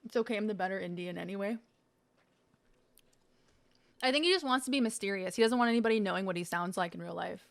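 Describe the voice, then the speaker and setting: A woman's voice: mid-range voice, quick pace, vocal fry, pauses often. Young woman streamer, chatty and sweary, munching snacks on stream. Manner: chatty, swearing, laughing, talking while eating. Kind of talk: casual unboxing stream chat.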